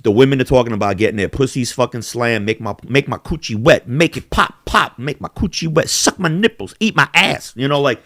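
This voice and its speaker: A man's voice: medium pitch, a little fast, hardly any pauses, a bit bright, no echo. A man hosting a podcast, talking in heated, profanity-laden rants with big swings in emphasis. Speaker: podcast host. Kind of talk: casual heated chat.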